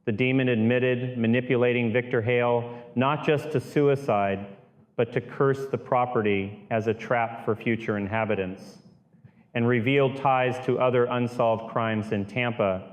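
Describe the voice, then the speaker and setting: A man narrating a true-crime style horror audiobook in a steady, grave storytelling voice. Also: medium pitch, a little slow.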